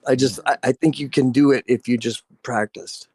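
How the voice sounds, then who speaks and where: A man's voice: medium pitch, fairly even intonation, moderate pace, darkish tone, husky, no echo. Emphatic man on a dry call. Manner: earnest, emphatic, repeats himself. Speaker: voice actor guest. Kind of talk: casual video call chat.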